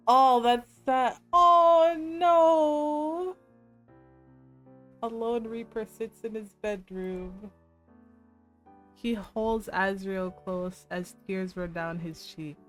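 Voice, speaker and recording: Emotional young woman streamer reading a game. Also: medium pitch. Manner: emotional, exclamatory reactions. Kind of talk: game let's play with reading aloud.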